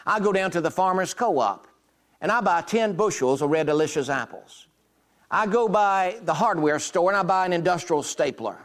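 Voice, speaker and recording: A middle-aged man with a drawl delivers a sermon in a folksy, storytelling way. His voice sits a little high for a man, and he slips into the voices of the people in his examples. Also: lively intonation, normal speed, a bit bright. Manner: folksy storytelling, acts out quoted dialogue. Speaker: pastor.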